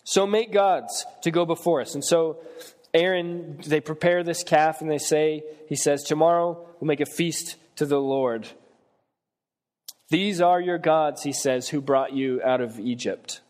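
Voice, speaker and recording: A man's voice: a little high, fairly even intonation, measured pace, a little mellow, big-room sound. A man preaching a sermon, reading scripture and retelling Bible stories in plain conversational words.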